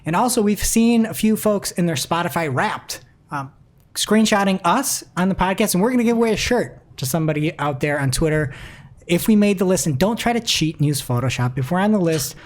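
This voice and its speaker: A man in his thirties, co-host of a podcast, telling an animated, self-mocking anecdote in casual chat. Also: high-pitched, fairly quick.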